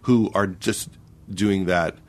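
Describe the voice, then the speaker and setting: A man telling comic anecdotes in a casual podcast chat as a guest, jumping into high, exasperated voices as he acts out his stories. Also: fairly even intonation, takes it slowly.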